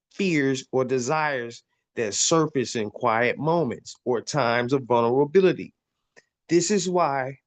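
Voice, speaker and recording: Preachy podcast host guy, reads stuff out then repeats it, stumbles on words a lot, mid-pitch voice. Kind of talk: spiritual teaching monologue, reading and commenting.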